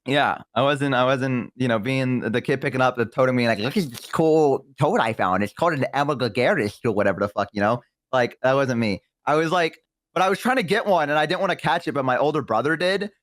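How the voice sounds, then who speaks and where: A young man with a Southern US accent chatting casually on a stream, rambling through childhood stories and jumping into high voices to quote people. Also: quick pace, fairly bright tone, no echo. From American South. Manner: rambling, jumps into high voices when quoting. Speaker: stream co-host. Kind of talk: casual chat, storytelling.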